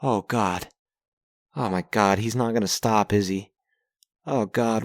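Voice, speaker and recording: A man's voice: on the low side, unhurried, long pauses, no room sound, studio quality. A young man hosting a podcast from home on a pop-filtered mic, recapping his journal week in a casual, sarcastic, profane way and getting easily exasperated. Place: home recording setup.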